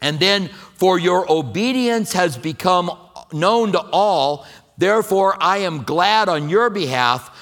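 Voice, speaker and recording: A man preaching a sermon in a conversational way, reading scripture slowly and acting out quotes. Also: high voice, lively intonation, a bit bright. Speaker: pastor.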